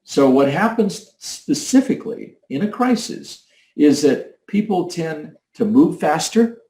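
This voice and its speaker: A man's voice: on the high side, expressive, unhurried, a little mellow. A man giving a leadership training talk, coaching emphatically and acting out different tones of voice. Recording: echoey room.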